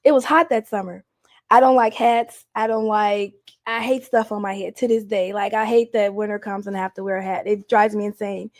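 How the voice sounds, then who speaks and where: A young adult woman, a guest in an interview, speaks a little fast at a medium pitch. She tells candid stories in an animated way, laughing often and acting out what people said.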